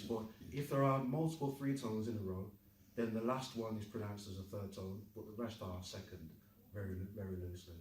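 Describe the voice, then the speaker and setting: A man's voice: medium pitch, a little mellow. A man teaching a Chinese class, who leads drills and jokes with his students. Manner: upbeat, jokey, leads the class in chants and repetition. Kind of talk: classroom lesson with call-and-repeat drills. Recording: roomy classroom audio from a distant mic.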